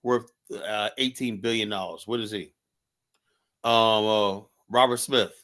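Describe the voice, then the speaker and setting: A man's voice: fairly low pitch, steady tone, a little slow, a bit bright. Emphatic American man, "you know?" habit. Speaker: show host. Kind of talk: casual opinion talk.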